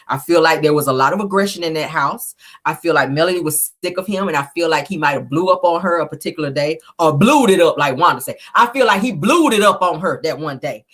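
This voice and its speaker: A woman's voice: deep voice, fairly bright tone, breathy edge. Chatty woman recapping with emphatic asides. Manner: chatty and emphatic, with frequent "okay?" asides and bursts of laughter. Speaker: reality TV recap host. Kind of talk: casual recap commentary.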